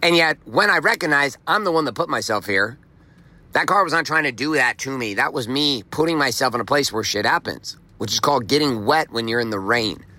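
Bright-voiced motivational podcast man. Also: medium pitch, expressive, fairly quick. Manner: emphatic, profane, repeats phrases for effect. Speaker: podcast host. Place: outdoors walking in the rain.

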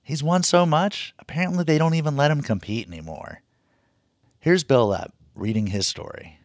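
A man hosting a radio show, reading scripted narration in a relaxed, informative way. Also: on the high side, normal speed, dry recording, clean studio sound.

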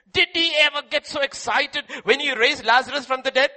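A man preaching a sermon, repeating rhetorical questions and swinging between loud cries and hushed passages. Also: extremely high pitch, fairly quick, hardly any pauses.

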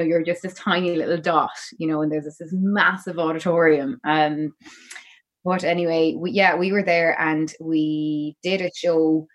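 Low-voiced Irish woman telling a story. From Ireland. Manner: rambling, chatty storytelling. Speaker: guest musician. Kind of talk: casual interview chat.

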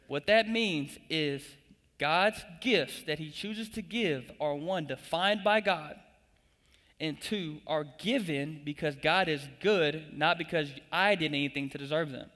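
Young male preacher, slightly raised pitch, emphatic and repetitive, big church hall with long echo. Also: measured pace, a bit bright. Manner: building emphatic repetition, calls congregation to respond. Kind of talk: sermon.

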